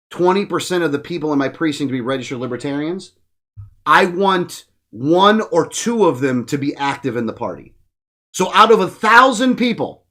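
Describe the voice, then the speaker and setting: A man rants bluntly as a podcast guest, swearing freely in loose casual talk. His voice sits a little high for a man. He was recorded in a studio. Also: sharp tone. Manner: profane, blunt ranting. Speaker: guest, political activist.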